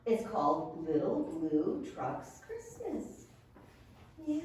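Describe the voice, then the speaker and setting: Animated woman reading a picture book. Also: lowish voice, slow. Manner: animated, gasps and playful sound effects. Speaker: children's librarian. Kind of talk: children's story time reading. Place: library room. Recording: roomy echo from far off, audible room noise.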